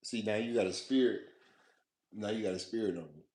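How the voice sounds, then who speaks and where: A man's voice: lowish voice, fairly quick, a little mellow, roomy sound. A man vlogging in a loose, profane, rambling monologue, repeating himself, laughing often and talking straight to the viewer. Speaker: food vlogger.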